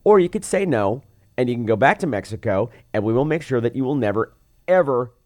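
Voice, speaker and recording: A man's voice: medium pitch, expressive, a little fast, a little mellow, natural voice. A man putting on a gloating, theatrical villain doctor while retelling a film. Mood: threatening. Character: moustache-twirling evil male doctor villain.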